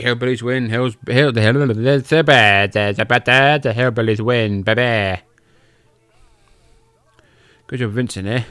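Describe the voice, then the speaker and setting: A podcast host gives loose, casual play-by-play over old wrestling tapes, joking and swearing freely in a smooth, resonant, mid-range voice that's pushed and bright at a measured pace. He's recorded close in a dry, deadened room with no room sound.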